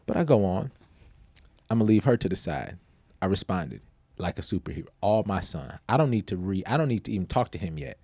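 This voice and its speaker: Emphatic storytelling man, dark low voice. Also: lively intonation, fairly quick, no echo. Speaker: parent guest on a parenting podcast. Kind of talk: casual storytelling chat.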